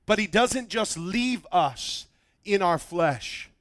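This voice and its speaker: Male pastor, high voice, emphatic sermon delivery with dynamic swings, dry recording. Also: lively intonation, slow, dry recording. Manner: emphatic preaching, swings from loud to hushed.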